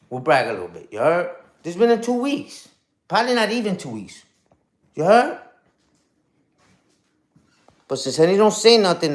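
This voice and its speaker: A man on a casual live stream, mocking someone in a loose, taunting rant. His voice sits a bit high for a man and swings widely up and down as he jabs and repeats himself. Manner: taunting, repetitive, peppers lines with "you heard?".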